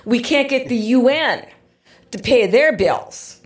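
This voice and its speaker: A woman's voice: on the high side, animated, unhurried. Sarcastic woman host, echoey studio. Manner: sarcastic, mocking asides. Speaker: podcast host. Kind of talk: political podcast interview. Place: podcast studio.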